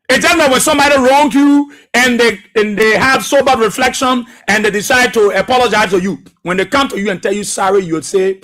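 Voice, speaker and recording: Guy on talk radio, high husky voice, preachy and repeats himself a lot. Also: fast talker, pushed and bright. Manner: emphatic and repetitive, preachy. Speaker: radio talk show host. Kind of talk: political radio commentary.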